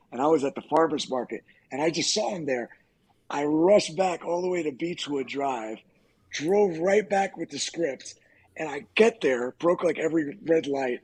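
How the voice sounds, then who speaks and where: A middle-aged man, an actor on a podcast, casually telling profane, animated stories and acting out quoted lines. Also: on the high side, slightly rough. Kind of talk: casual storytelling.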